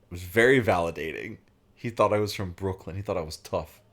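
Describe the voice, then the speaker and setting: Very deep-voiced rambling young man. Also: a little fast, fairly bright tone. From Virginia, USA. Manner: rambling, full of "like" and "um". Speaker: let's play host. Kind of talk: casual chat while playing a game.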